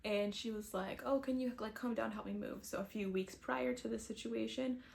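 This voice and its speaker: A woman's voice: on the high side, fairly even intonation, normal speed, vocal fry, darkish tone. A young woman chatting casually to camera, telling a personal faith story and acting out her own past thoughts. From New England, US. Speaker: vlogger sharing a faith testimony.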